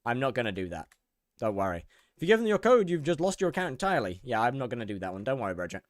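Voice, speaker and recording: A man's voice: medium pitch, big pitch swings, racing, dry recording. A young man streaming a game, reading in-game text aloud, laughing often and reacting with mock outrage. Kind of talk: casual gaming commentary.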